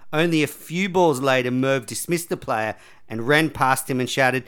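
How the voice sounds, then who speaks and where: A man's voice: mid-range voice, normal speed, a bit bright, clear, resonant tone. Man hosting a chatty quiz. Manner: reads quiz questions in a chatty, joking way. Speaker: podcast host. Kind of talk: casual chat, quiz hosting.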